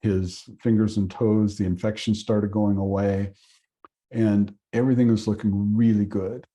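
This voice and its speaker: Male instructor, lower-pitched, unhurried lecture storytelling, gentle pauses. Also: little pitch movement. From Oregon, USA. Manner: earnest, pausing with fillers. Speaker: acupuncture instructor.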